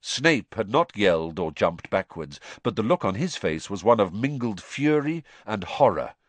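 A man reading an audiobook in scripted narration, telling the story in a steady, expressive way. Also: lowish voice, moderate pace, dry recording.

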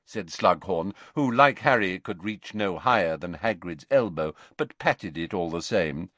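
A man narrating an audiobook in an expressive, dramatic reading. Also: deep voice, measured pace, hardly any pauses, no echo.

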